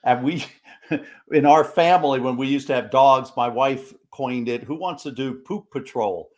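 A man's voice: mid-range voice, measured pace. Host: an older man, chatty, restarts his questions as he goes. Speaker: podcast host. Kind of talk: casual podcast interview.

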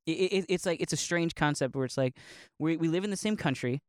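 Young guy, loose rambling monologue, laughs often, bit high, dry close mic. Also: a little fast, clear, resonant tone, dry recording. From Northeast Ohio. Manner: rambling, laughs often, many likes and restarts. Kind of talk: casual monologue.

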